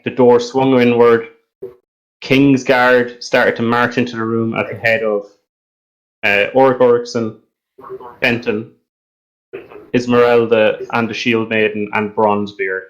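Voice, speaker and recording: A man running a tabletop role-playing session as dungeon master, describing each scene in an even, unhurried way and filling pauses with ums and uhs. His voice sits in an ordinary middle pitch for a man. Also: dull audio. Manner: steady descriptive narration with frequent ums. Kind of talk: narrating a tabletop game.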